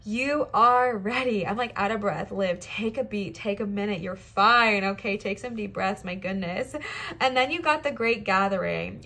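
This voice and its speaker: A young adult woman giving a casual pick-a-card tarot reading, encouraging and animated, often checking in with "okay?" and "all right?". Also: medium pitch. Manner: animated, laughs and talks while moving cards. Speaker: tarot reader.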